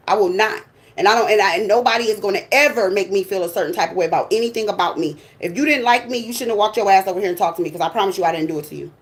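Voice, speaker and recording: A woman hosting her tarot channel, giving a blunt, sassy, profane monologue in casual talk. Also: mid-range voice.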